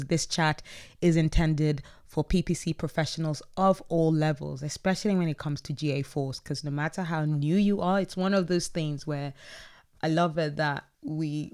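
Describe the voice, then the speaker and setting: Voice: medium pitch, smooth. A podcast host recapping an online chat in a casual, upbeat way, reading out posts from participants with frequent laughs and self-corrections.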